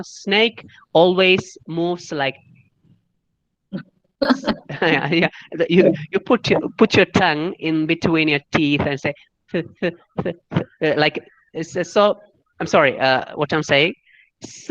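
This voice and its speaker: A woman from Indonesia, an English educator, giving an interactive speaking lesson to students, talking slowly and expressively and modelling sounds with pauses. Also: deep voice, a bit bright, no room sound, lo-fi sound.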